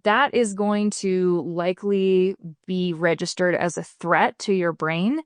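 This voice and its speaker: A woman with a lowish voice talks as a podcast guest, explaining body therapy in a casual, earnest way. She livens up when she acts out what her clients said. Her voice sits close and dry on the mic, with no room sound. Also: clean tone, no room sound. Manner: earnest, explanatory, animated when quoting people. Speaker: podcast guest, fascia release practitioner. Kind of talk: casual interview talk.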